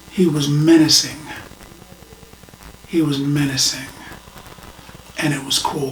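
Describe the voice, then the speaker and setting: Casual reviewer, rambling, whispered asides, roomy distant recording, faint background noise. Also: medium pitch. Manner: rambling, restarts often, drops into whispers for emphasis. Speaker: film and TV reviewer.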